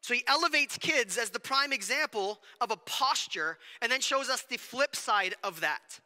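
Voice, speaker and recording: A man delivering a sermon as pastor, in a conversational, animated way with quick asides. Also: very high voice, in a large hall. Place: church sanctuary.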